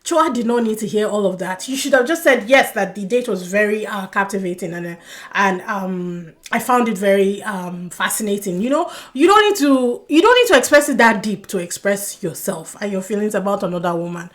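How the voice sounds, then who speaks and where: A young woman giving a casual, animated review of a reality dating show, swearing and laughing when she gets worked up. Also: medium pitch, fairly quick.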